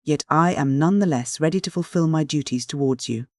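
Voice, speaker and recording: A man's voice: a little high, brisk, dry recording, studio quality, natural voice. A man voicing a proud, cold noble countess, formal and commanding in a storybook reading. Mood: bitter.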